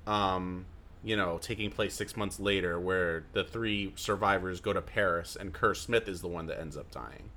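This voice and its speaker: A man's voice: sits low, normal speed, bright, forceful tone, slight background noise. A man co-hosting a podcast in casual chat, thoughtful and hesitant, with many ums. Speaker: podcast co-host.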